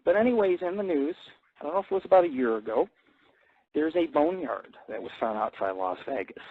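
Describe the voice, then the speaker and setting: Heard through narrow, tinny, dry audio, this mid-range male voice belongs to an internet radio host raised in an Italian-American family. He swears nonstop while rambling bluntly in a laid-back monologue.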